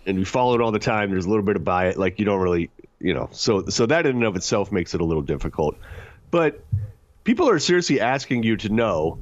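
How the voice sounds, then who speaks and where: A man's voice: fast, no echo, dull audio. A man co-hosting a sports talk show from his home office, bantering casually and laughing often. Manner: animated, laughing, jumps between high and low pitch.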